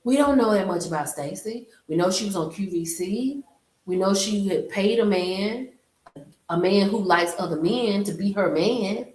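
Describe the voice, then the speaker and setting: A woman's voice: mid-range voice, normal speed, echoey room, low-quality recording. A woman hosting a casual live stream, chatting animatedly. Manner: chatty, animated, talks to viewers directly. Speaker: livestream host.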